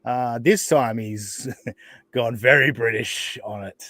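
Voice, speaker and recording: Australian male podcast host, casual sarcastic chat, mid-pitched, dry close mic. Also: takes it slowly, pushed and bright, no room sound. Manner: laughing, swearing, sarcastic.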